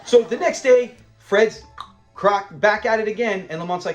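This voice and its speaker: A man hosts a casual episode breakdown in a fairly high voice. He talks in a rambling, enthusiastic fan style. Soft music plays faintly behind him. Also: fairly quick, a faint crowd. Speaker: host of a show-review channel.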